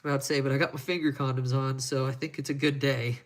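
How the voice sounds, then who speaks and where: Livestreamer fixing watches, a man with crude self-mocking humor and a gravelly edge. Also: medium pitch, fairly even intonation, fairly quick, hardly any pauses. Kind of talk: casual live-stream chat while working.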